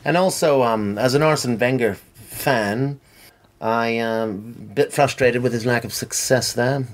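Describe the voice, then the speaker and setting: A middle-aged man chatting as a podcast guest, rambling and tangential with animated storytelling. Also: mid-range voice, a little slow. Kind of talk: casual chat.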